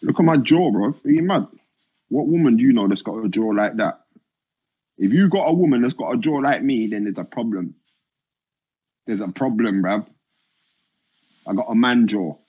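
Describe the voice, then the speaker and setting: A man's voice: medium pitch, moderate pace, pauses often, breathy edge. A young man, bantering casually on a live stream, slangy and repetitive with sing-song asides. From Britain. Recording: dull lo-fi stream audio.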